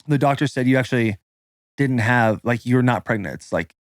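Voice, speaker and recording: A man's voice: mid-range voice, normal speed, no echo, studio quality. A man in his thirties, a podcast host, telling a personal story in a loose, casual way, swearing and saying "like" constantly. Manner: loose and profane, full of "like" fillers.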